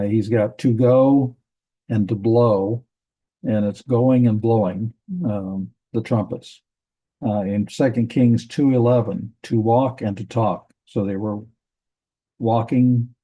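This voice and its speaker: A man teaching a grammar lesson from a Bible language textbook, methodical, repeating words and pausing with fillers. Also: on the low side, dark tone, breathy edge, rough recording.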